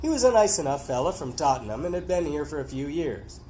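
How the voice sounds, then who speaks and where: A middle-aged man reads from his own memoir in a fairly high voice, throwing himself into the dialogue with sudden leaps in pitch. A faint hiss sits under the recording. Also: fast, poor audio. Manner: animated, voices characters with big pitch jumps. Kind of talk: dramatic memoir reading.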